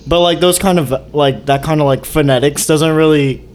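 A man's voice: a little high, steady tone, moderate pace. A man co-hosting a podcast in loose casual chat, rambling with many fillers. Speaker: podcast co-host.

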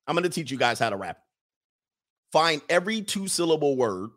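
Animated man riffing on a livestream. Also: on the high side, a little fast. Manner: animated, emphatic, repeats phrases for effect. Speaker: livestream host reading chat. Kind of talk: casual opinionated livestream chat.

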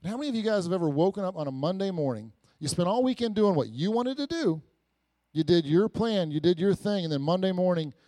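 A middle-aged man preaching a conversational church sermon, telling everyday stories with quick restarts and repeated words. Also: high voice, no echo. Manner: lively, storytelling, frequent restarts and repeats. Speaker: pastor.

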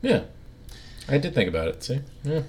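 A man's voice: mid-range voice, big pitch swings, normal speed, a little mellow, a little hiss or hum. A man co-hosting a podcast in casual banter, joking and self-deprecating. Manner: joking, self-deprecating, mimics voices in anecdotes. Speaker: podcast co-host.

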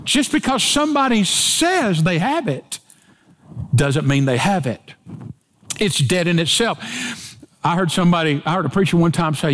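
A man preaching a sermon with emphatic delivery and dramatic swings in pitch and pace. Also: animated, moderate pace, long pauses, fairly bright tone. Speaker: pastor.

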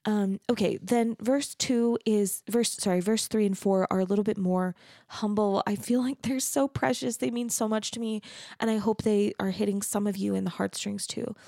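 Soft-toned woman explaining her song. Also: medium pitch, fairly even intonation, gravelly, no room sound, clean studio sound. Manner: thoughtful, halting, many fillers and restarts; speaks her lyrics aloud softly and earnestly. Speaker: songwriter.

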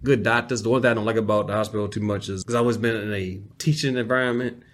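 A man's voice: lowish voice, fast. Man telling stories on a podcast. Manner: animated storyteller, quotes people in acted voices. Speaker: podcast co-host. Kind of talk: casual podcast storytelling.

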